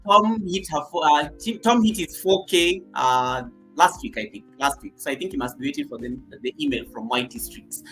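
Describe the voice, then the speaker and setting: A man with a high, bright voice and a husky edge hosts a casual live stream from his home set. He shifts from loud, animated greetings to quiet muttered asides as he reads the chat. Faint music plays behind him. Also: normal speed, hardly any pauses, low-quality recording. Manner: greets viewers by name and reads chat comments aloud. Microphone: laptop mic.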